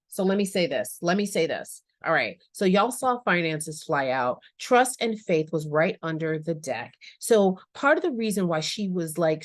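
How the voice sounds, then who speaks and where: A woman with a lowish voice and no room sound gives a casual tarot reading. She muses aloud and chats with her viewers, dropping slangy asides.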